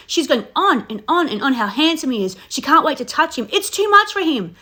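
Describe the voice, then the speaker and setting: Woman, high voice, bright tone, emphatic, repeats herself, casual reaction chat. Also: sing-song, brisk, few pauses. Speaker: reaction channel host.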